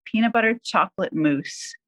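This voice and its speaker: A woman's voice: mid-range voice, animated, moderate pace. A woman guest in a casual interview, bubbly and laughing often, with a lot of "like" and "you know". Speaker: guest, singer and writer.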